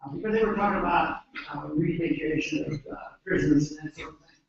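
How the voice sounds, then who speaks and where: An American man giving an earnest, emphatic speech at a conference, pausing often with hesitations. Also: on the high side, a crowd in the background. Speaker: conference speaker. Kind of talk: speech to an audience. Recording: echoey hall, distant mic, dull lo-fi.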